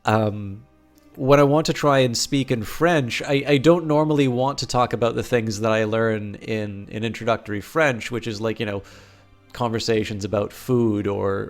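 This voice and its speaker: A man's voice: fairly low pitch, fairly even intonation, moderate pace, soft background music. A man streaming live and chatting casually, rambling through long, complicated sentences.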